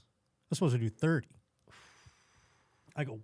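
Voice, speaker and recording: A man from Buffalo, New York, spinning a backstage story on a podcast. He talks casually at an ordinary pitch and acts out each scene, slipping into quoted voices and laughing at his own jokes. The recording is dry and close, with no room echo. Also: moderate pace, dark tone. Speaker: comedian guest.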